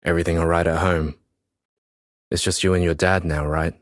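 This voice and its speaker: A man's voice: sits low, fairly even intonation, unhurried, dry recording, studio quality. A man reading an audiobook, voicing a concerned male schoolteacher who asks matey, probing questions.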